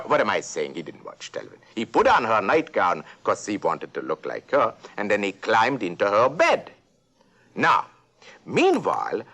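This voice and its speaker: Ludwig Von Drake, giggly professor duck. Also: male voice, mid-range voice, fairly bright tone, exaggerated voice. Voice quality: giggly, rambling, self-correcting. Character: eccentric old male duck professor, giggly and rambling. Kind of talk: storybook narration for a talking toy.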